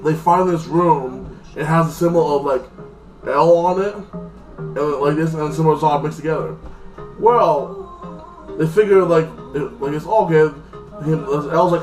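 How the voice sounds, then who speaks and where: Guy rambling through a tv episode recap, kinda high voice, faint music behind. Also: measured pace, darkish tone. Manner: rambling, filler-heavy, retells scenes in quotes. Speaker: TV episode reviewer. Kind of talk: casual spoken recap. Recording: echoey room, mic at a distance.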